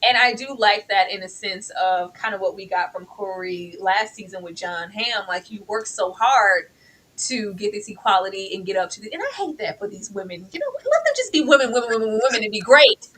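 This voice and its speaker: A woman co-hosting a casual TV review, talking in an animated way and scolding the characters as if they could hear her. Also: medium pitch, a little fast, rough recording. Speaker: co-host of a TV review show. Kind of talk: casual TV recap chat.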